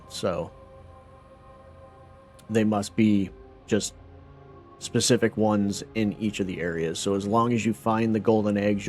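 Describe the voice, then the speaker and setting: A man's voice: on the low side, a little mellow. A man giving casual, think-aloud commentary while streaming a creature game, reading menus and musing over his finds. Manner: thinks aloud, reads menus, trails off in asides.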